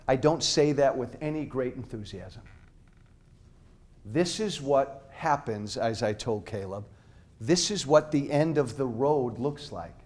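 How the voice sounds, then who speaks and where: A middle-aged political speaker gives a blunt, impassioned, off-the-cuff speech to college students in a university hall, addressing the crowd directly. His voice is mid-range and a little mellow.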